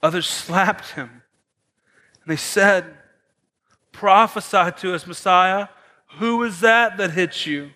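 A man preaching a sermon as pastor, moving between soft, hushed lines and raised, emphatic ones. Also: sits high, slow, pauses often. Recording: long hall reverb.

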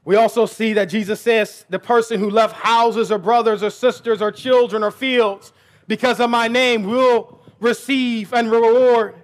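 A man preaching with an unusually high voice. He builds his points into near shouts and often doubles back over his words as he goes. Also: steady tone, a little slow. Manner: repeats words when he restarts. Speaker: pastor. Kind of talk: sermon.

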